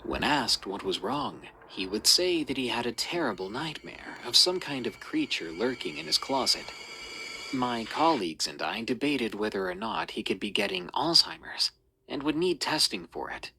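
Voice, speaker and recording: Gravelly man reading a horror story. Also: mid-range voice, big pitch swings, normal speed, sharp tone, a little hiss or hum, poor audio. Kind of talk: scripted horror story narration.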